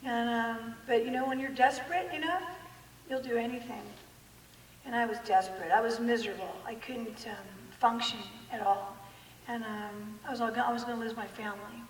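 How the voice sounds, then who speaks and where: A woman giving an animated personal testimony in a church hall, full of self-mocking humor and acted-out quotes. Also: on the high side, moderate pace, distant mic, slight background noise. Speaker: guest speaker. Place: large church hall with an audience. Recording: echoey hall recorded from afar.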